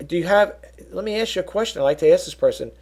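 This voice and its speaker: A middle-aged man talks to his viewers in a rambling, earnest vlog and keeps doubling back on his sentences. His voice sits a touch high for a man and has a gravelly, raspy edge. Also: expressive, fast talker, darkish tone. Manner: rambling, earnest, with frequent restarts and asides to viewers. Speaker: YouTube vlogger and eBay reseller. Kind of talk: casual vlog monologue.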